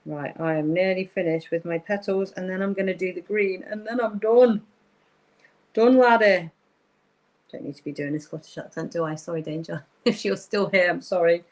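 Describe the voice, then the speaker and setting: A woman's voice: lowish voice, steady tone, fast talker, few pauses, poor audio. A woman hosting a live-streamed craft tutorial from her craft table at home, thinking aloud as she paints and often apologizing. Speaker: craft workshop host.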